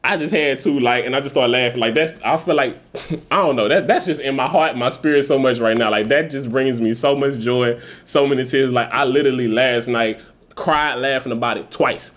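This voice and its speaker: A man's voice: medium pitch, brisk, fairly bright tone. A man in his thirties hosting a podcast, talking casually with heavy profanity and rambling, laughing tangents. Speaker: podcast host. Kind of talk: casual venting monologue.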